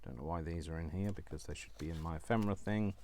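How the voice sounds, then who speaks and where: A man's voice: low-pitched, fast, a little mellow, a little hiss or hum. A man hosting a crafting vlog, rambling casually and talking to himself as he sorts through craft supplies at his desk. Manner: rambling, talks to himself while sorting. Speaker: crafting channel host.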